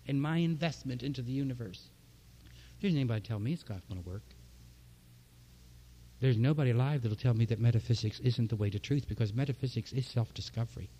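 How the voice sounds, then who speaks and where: A man's voice: mid-range voice, warm tone. A man preaching a sermon from the pulpit, impassioned, with repeated phrases and rising emphasis. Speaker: pastor.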